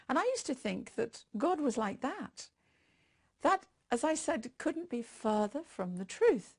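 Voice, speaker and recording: A woman's voice: on the high side, creaky, husky. An older woman giving a devotional sermon and leading a prayer in a storytelling manner. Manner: warm storytelling, leads prayer. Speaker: preacher.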